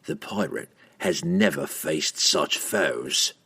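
A man reading an audiobook, voicing a grim male assassin with a slow, low growl. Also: huge pitch swings, creaky, pushed and bright, slightly rough, exaggerated voice.

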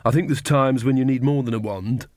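A timid young witch, soft-spoken and hesitant, as a male reader voices her. She sounds close to his own plain voice, recorded dry. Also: medium pitch, fairly quick, no echo, natural voice. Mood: uneasy.

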